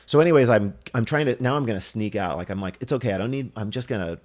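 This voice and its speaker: A man's voice: fairly low pitch, fast. A man guesting on a podcast, telling stories casually, acting out quoted dialogue and laughing as he goes. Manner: animated, acts out quoted dialogue; laughs through his stories. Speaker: podcast guest, film director and assistant director. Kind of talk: casual storytelling.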